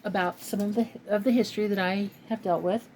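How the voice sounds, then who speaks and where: Speaking a little fast, this Californian crochet vlogger in her fifties has a medium-pitched, darkish voice and fairly even intonation. She chats at home in a casual personal vlog, rambling and heartfelt, with lots of fillers. The recording is noisy.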